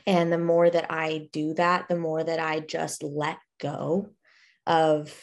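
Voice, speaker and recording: A woman's voice: sits low, flat delivery, slow. A young woman who is pregnant, co-hosting a casual faith conversation, reflective, with frequent small laughs and fillers. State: pregnant, expecting first child.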